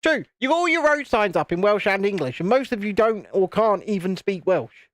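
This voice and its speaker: Building on a casual live stream, a UK YouTube host jokes and reads viewer comments in a high, expressive voice at normal speed. The audio is clean and studio-like, with no echo.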